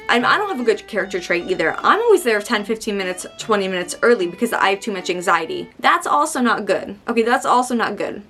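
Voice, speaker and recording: A young woman vlogging in a casual ranting monologue, animated and exasperated, repeating herself for emphasis. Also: mid-range voice.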